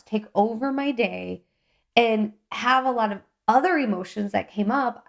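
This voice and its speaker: A woman hosting a self-help podcast, talking in a calm, gently encouraging, reflective way. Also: on the high side, creaky. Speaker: podcast host.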